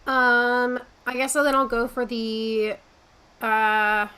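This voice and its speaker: A woman's voice: fairly high pitch, steady tone, slow, pushed and bright, clear, resonant tone. A woman playing in a tabletop game, thinking aloud hesitantly with ums as she works out her turn. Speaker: player. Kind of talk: casual tabletop game play.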